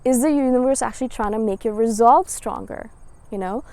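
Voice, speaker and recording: A woman in her thirties with a slightly high voice speaks straight to her viewers in a relaxed vlog style. She is earnest and encouraging, and hammers home her advice through steady repetition. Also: fairly quick. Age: 30s. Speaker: spiritual vlogger. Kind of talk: casual motivational monologue.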